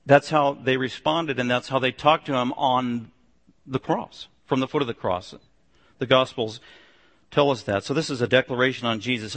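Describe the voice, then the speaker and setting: Emphatic preacher, man, reverberant hall. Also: normal speed. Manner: emphatic, swings between loud declarations and low hushed stretches. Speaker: pastor. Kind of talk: sermon.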